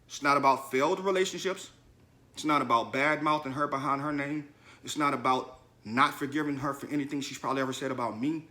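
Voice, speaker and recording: Forceful, blunt man telling his story. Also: mid-range voice, brisk. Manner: blunt, confessional, slangy, addresses listeners directly. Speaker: podcast host. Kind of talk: candid personal storytelling monologue.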